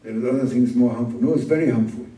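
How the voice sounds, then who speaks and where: Man, sheikh teaching a sermon, very dark mellow tone, roomy echoing room. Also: medium pitch. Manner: plain, halting, repeats words for emphasis. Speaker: sheikh teaching a religious talk. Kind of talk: informal sermon from notes. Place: gathering room at a summer camp. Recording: roomy room, distant mic.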